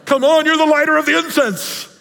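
A man's voice: very high-pitched, fairly even intonation, fairly quick, creaky, bright, forceful tone. A male pastor giving a casual, jokey sermon, slipping into playful voices for Bible figures. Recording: long hall reverb.

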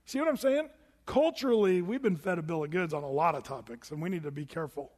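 A man in his sixties gives a sermon as a pastor, talking to the congregation in a loose, conversational way and now and then mimicking other people's voices. His voice sits high for a man. The sound rings with the long reverb of a big hall. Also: quick pace. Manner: conversational preaching, animated, mimics voices for effect.

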